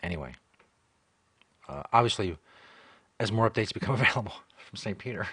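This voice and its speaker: Low-voiced man hosting a joking stream. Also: expressive, fairly quick, fairly bright tone, slightly rough, no echo. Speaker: show host. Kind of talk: deadpan comedic live stream.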